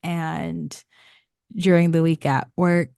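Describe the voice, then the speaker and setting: A woman co-hosting a podcast, recapping a romance novel in relaxed casual chat with dry asides. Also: sits low, slow pace, creaky, clear, resonant tone, dry recording. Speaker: podcast co-host.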